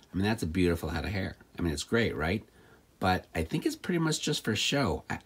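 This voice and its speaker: A man's voice: on the low side, creaky, slightly rough. A man giving wry, mock-concerned comic commentary on old football trading cards. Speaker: card collector and host.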